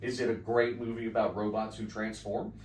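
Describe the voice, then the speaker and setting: A man in his forties from the Midwest, co-hosting a chatty podcast and telling stories with lots of excitement, acting out what people said. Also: fairly low pitch, fairly quick. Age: 40s. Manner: excited storyteller, acts out quotes. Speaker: podcast co-host. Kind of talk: casual chat. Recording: echoey room, mic at a distance.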